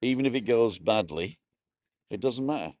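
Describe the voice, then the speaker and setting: A man's voice: mid-range voice, animated, moderate pace, darkish tone, dry recording, clean studio sound. A middle-aged man casually chatting on a live stream from a bar, greeting viewers by name and wearing earphones.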